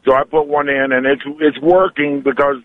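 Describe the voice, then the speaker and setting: Angry trucker calling in by phone. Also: male voice, a little high, steady tone, normal speed. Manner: angry, frustrated ranting. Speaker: caller, truck owner-operator. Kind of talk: radio call-in. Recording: phone-line audio, dry.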